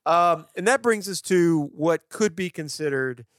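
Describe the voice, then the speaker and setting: A man co-hosting a podcast, chatting about movies with enthusiastic, animated storytelling. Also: fairly high pitch, a little slow, no echo, clean studio sound. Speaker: podcast co-host. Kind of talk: casual film discussion.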